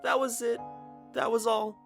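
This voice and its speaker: A man voicing a timid, tearful young woman time traveler who speaks softly and apologetically through sniffles, in a dramatic audiobook reading. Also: very high-pitched, little pitch movement, measured pace, gravelly, soft background music, voice pushed up, heavily acted. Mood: tearful, apologetic.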